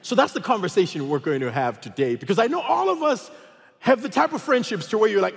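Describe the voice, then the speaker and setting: A man preaching a sermon as pastor, telling funny stories in an animated way and acting out voices. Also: high voice, a little fast, vocal fry, slightly rough, in a large hall. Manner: animated storytelling, acts out voices. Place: large church auditorium.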